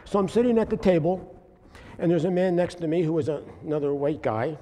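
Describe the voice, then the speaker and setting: Man, dark mellow voice, halting earnest storytelling, echoey hall with long reverb. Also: a little high. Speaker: lay preacher sharing a testimony. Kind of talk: informal church testimony. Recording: long hall reverb, faint room noise.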